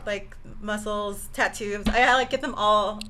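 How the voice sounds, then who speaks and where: A woman's voice: mid-range voice, fairly even intonation, a little slow, noisy background. A woman guest speaking candidly, laughing often and filling with "like". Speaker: podcast guest. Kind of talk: casual chat.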